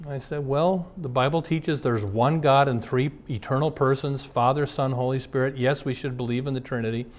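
This earnest sermon comes from a pastor from the Twin Cities area who reads passages and then tells stories from his own ministry. He talks at a moderate pace with a steady tone and medium pitch.

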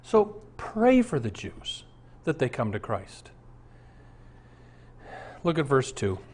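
A man's voice: medium pitch, wildly swooping pitch, slow, a little mellow, slight background noise. A man in his sixties, a pastor, preaching an earnest, conversational sermon full of rhetorical questions.

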